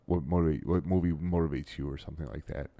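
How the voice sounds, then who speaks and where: A middle-aged man hosting a podcast, telling stories in animated, laughing bursts with frequent restarts. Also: a bass voice, fast talker. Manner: animated storyteller, laughs often, stumbles and restarts. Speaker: podcast host. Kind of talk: casual podcast chat.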